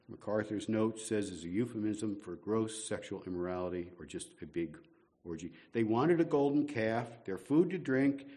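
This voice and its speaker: A man's voice: on the low side, darkish tone. A man preaching a sermon to his congregation in a conversational way, with rhetorical questions and self-deprecating humor. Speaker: guest preacher.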